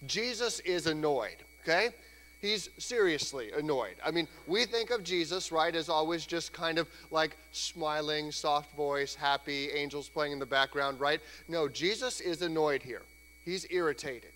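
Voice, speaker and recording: Pastor preaching in a reverberant church. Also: male voice, on the high side, a little slow, fairly bright tone. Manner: conversational preaching, acts out quoted voices. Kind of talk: sermon. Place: church sanctuary. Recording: church hall reverb, faint hum.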